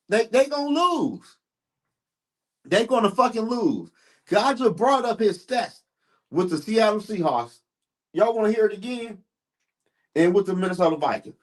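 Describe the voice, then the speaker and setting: High-voiced man ranting on a live stream. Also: sing-song, moderate pace. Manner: profane, heated, talks to chat. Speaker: sports streamer. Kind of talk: live-stream sports rant.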